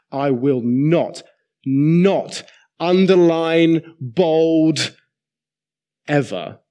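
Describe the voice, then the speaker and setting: A man in his thirties preaching a sermon, slowing down and leaning hard on key words for emphasis. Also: medium pitch, darkish tone. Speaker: pastor.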